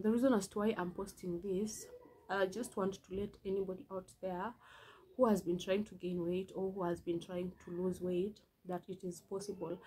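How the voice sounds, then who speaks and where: The audio is poor, with a faint hiss or hum, as a young woman in her early twenties vlogs casually about personal matters. Her medium-pitched voice has a darkish tone, and she speaks earnestly, often repeating herself for emphasis.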